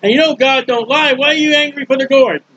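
A man preaching in a casual Bible teaching style, folksy and joking, acting out characters in quick asides. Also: very high-pitched, fairly bright tone, dull audio.

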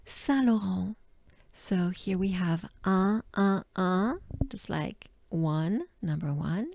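A French woman with a French accent teaching pronunciation, drilling words slowly and often dropping to breathy whispered demonstrations. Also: fairly low pitch, a little mellow. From France. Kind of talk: slow pronunciation lesson.

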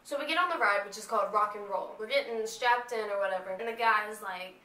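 Young woman, from North Carolina, chatty storyteller, high bright voice, echoey room, camera mic. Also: fast talker. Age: young adult. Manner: chatty, laughs often, fillers like "you know". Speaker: vlogger. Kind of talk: casual storytime vlog.

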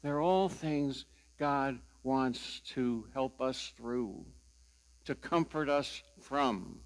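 An older man preaching a sermon as pastor, telling stories slowly and deliberately with a wry sense of humor. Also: mid-range voice.

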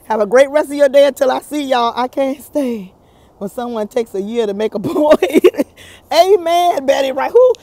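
A woman talking casually to her viewers in a gossip vlog, animated and chatty, recorded outdoors. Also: high-pitched, moderate pace, no echo. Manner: animated, chatty, laughs often, addresses viewers as y'all. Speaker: YouTube commentator.

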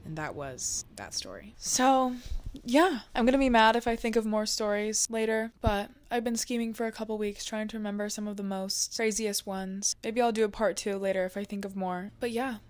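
A young woman telling a personal story in a casual vlog into a desk microphone, animated and acting out quotes as she goes. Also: mid-range voice, normal speed. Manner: animated, acts out quotes with laughs. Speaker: vlogger.

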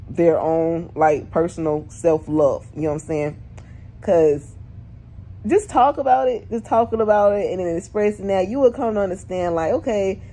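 A woman's voice: on the low side, dark tone. A young woman vlogger giving blunt, slangy opinion commentary, firing off rhetorical questions.

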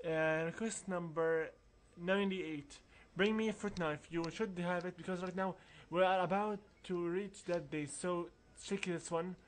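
A man's voice: sits high, steady tone, unhurried, hardly any pauses, slight background noise. A man giving casual, rambling commentary over a role-playing game walkthrough, mumbling through asides. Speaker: let's play narrator.

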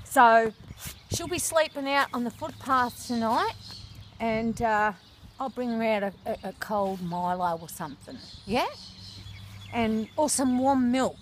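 A woman's voice: a little high, slight background noise. An Australian woman in a mock street-report comedy sketch, full of broad slang and fussing terms of endearment, recorded outdoors on a street.

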